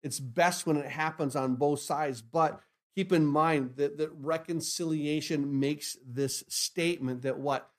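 A man preaches to his congregation, answering his own rhetorical questions and repeating key phrases. His fairly high voice drops to near hushed lines, then climbs into loud, emphatic bursts. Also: steady tone, measured pace, hardly any pauses. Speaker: pastor. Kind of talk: sermon.

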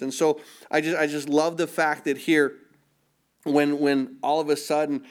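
A middle-aged man preaching a sermon, earnest, often repeating words and dropping to a hush for emphasis. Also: on the high side. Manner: earnest, repeats words, swings between loud emphasis and hushed quiet. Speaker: pastor.

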